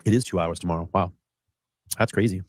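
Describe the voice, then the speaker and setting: Fast-talking man telling a rambling story. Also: low-pitched, a little mellow, dry recording, studio quality. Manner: rambling, acts out quoted lines. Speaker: host. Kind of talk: casual storytelling chat. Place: studio.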